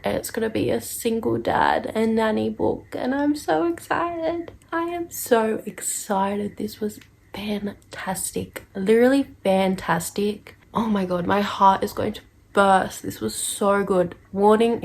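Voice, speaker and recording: A woman chatting casually in a reading vlog, gushing and excitable, repeating herself and laughing often. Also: medium pitch, vocal fry. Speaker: book vlogger.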